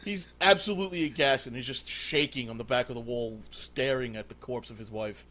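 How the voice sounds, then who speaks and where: A man's voice: mid-range voice, a little fast, pushed and bright. A man running a tabletop game as game master, narrating casually with many fillers.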